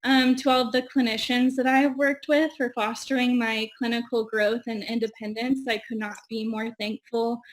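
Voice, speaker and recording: A young woman giving a heartfelt thank-you speech on a video call, full of ums and getting teary. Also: on the high side. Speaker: graduating audiology student.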